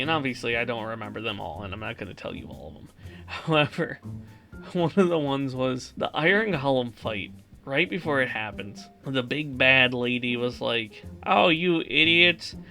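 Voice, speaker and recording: A young man hosting his own channel, giving a casual, exasperated movie review rant with laughs and sudden loud outbursts. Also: medium pitch. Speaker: channel host.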